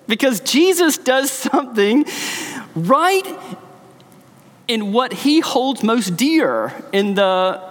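A man's voice: very high-pitched, sing-song, slow pace, a bit bright, long reverb tail. A man, a pastor, preaching a sermon in a church, telling the story with emphasis.

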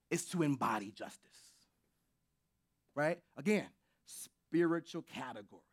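Fiery, lively-voiced preacher man. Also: fairly high pitch, measured pace, long pauses. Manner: dramatic preaching, shifting from shouting to near whisper; informal, uses y'all and joking asides. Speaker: pastor. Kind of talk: sermon.

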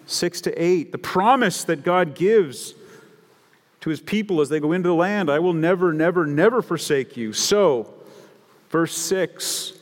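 A man preaches in a slightly high voice, working through the text line by line and piling up words for emphasis. His voice rings through a church sanctuary with a long reverb. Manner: expository preaching that builds to emphatic repetition. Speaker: pastor. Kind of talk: sermon.

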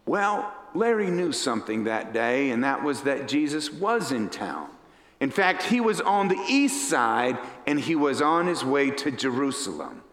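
Animated storytelling preacher, echoing hall. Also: male voice, mid-range voice, a little slow. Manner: dramatic, animated storyteller who acts out characters. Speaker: pastor. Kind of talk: storytelling sermon. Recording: echoey hall reverb.

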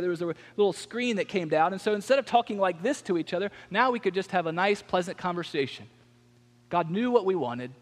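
A man preaching a sermon, telling a personal story in a conversational, animated way. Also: on the high side. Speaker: pastor. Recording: long hall reverb.

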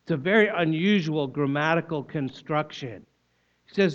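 A man preaching from the pulpit in a somewhat high voice, laying out scripture like a teacher and repeating key phrases for emphasis. The recording sounds dull and lo-fi. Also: normal speed, fairly bright tone. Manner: explanatory teaching, emphatic repetition. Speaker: pastor. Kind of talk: sermon.

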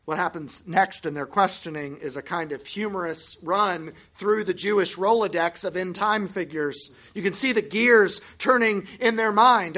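A Bible teacher giving scripted narration on a gospel passage, measured with emphatic pauses. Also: mid-range voice, sharp tone.

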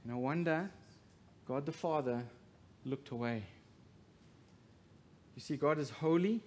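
A man preaching a sermon as pastor, swinging from hushed to loud emphasis and asking the congregation rhetorical questions. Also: fairly high pitch, unhurried, a little hiss or hum.

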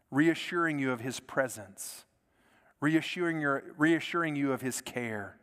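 An earnest male pastor delivers a sermon in a slightly high voice. He repeats words as he goes and falls to a soft hush for emphasis. A long hall reverb trails behind every phrase. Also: unhurried, long pauses, clean tone.

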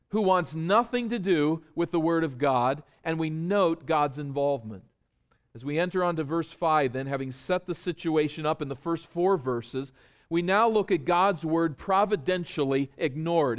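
A man preaching an expository sermon. He explains step by step and puts rhetorical questions to his listeners with emphasis. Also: a little high.

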